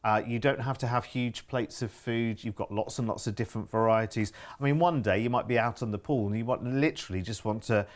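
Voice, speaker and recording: A man's voice: mid-range voice, brisk, few pauses. A man co-presenting cruise deals on TV, easygoing and a little hesitant, with repeats between thoughts. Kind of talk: relaxed sales chat.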